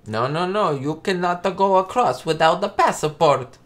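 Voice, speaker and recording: A man's voice: high-pitched, lively intonation, measured pace, a bit bright, pitched above the performer's own voice. A man putting on a comic Italian border guard. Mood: stern. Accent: mock Italian. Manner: exaggerated, comic.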